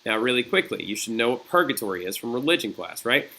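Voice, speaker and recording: A man's voice: mid-range voice, big pitch swings, quick pace, bright, forceful tone. A man teaching a recorded history lesson in a chatty, digressive way, often checking in with "right?" and "okay?". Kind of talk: recorded classroom lecture.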